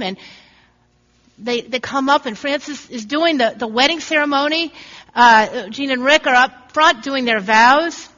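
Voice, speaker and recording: Woman preacher, earnest storyteller, bright high voice, muffled sound in a long hall echo. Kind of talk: sermon. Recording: dull recording in a reverberant hall.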